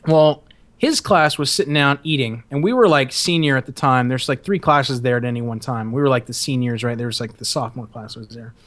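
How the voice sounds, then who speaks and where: A young man hosts a podcast and tells a story in a loose, rambling way. He swears freely and laughs often. His voice sits at a medium pitch. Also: a little fast, fairly bright tone. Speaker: podcast host. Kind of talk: casual storytelling.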